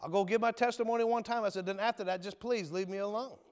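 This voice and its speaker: A man preaching a sermon and giving his testimony as a former convict, swinging from emphatic shouts to low near-whispers in a folksy manner. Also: steady tone, fast talker. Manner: folksy, calls listeners brother and my friend. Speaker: preacher, ex-convict prison minister. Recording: long hall reverb.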